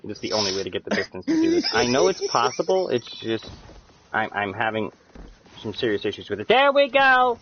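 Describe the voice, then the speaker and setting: A man casually commenting on a co-op game he is streaming, excitable and swearing, breaking into loud yelps. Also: on the low side, brisk, highs cut off, a little hiss or hum. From Canada. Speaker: gamer streaming co-op play.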